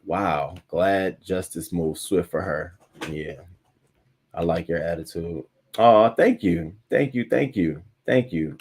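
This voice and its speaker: A man's voice: deep voice, darkish tone, husky. A man hosting a casual live-stream news show, talking bluntly with plenty of profanity and reading viewer comments aloud.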